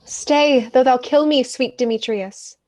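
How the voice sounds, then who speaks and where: A woman's voice: high voice, unhurried, darkish tone. A woman playing the lovelorn young Helena, speaking verse with pleading emphasis in a community theatre reading.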